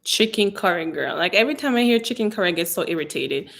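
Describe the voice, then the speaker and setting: A woman from Jamaica with a Jamaican accent, hosting a live stream about hair care and answering viewers' questions in a sassy, animated, chatty way. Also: mid-range voice, a little fast, vocal fry, few pauses. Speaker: hair care channel host. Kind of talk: casual live-stream Q&A chat.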